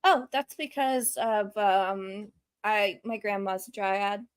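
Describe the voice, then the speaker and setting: Describing her scene in a casual tabletop role-playing game, a woman talks in a loose, chatty manner, leaning heavily on fillers. Her mid-range voice is clean and fairly even in intonation, she takes it slowly, and the recording is dry.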